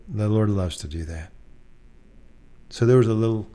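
Man preaching in a warm, low voice. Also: moderate pace. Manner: earnest, reflective, with soft hushed passages. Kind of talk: sermon.

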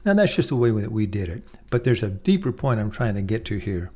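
Measured middle-aged man giving advice. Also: on the low side, very animated, warm tone. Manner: measured, emphatic, slows down on key points. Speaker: speaker on parenting. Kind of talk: faith-based parenting talk.

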